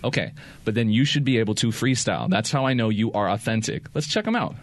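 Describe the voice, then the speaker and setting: A man's voice: fairly low pitch, fast, dry recording. A man hosting a podcast in casual, opinionated chat, swearing freely. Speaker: podcast host.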